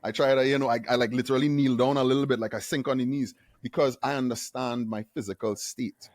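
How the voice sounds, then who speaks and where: A man in his forties from Trinidad with a Trinidadian accent, a guest telling stories in a casual interview, self-deprecating and quick to laugh. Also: mid-range voice, no room sound, clean studio sound. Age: 40s. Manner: animated storyteller, self-deprecating, laughs often.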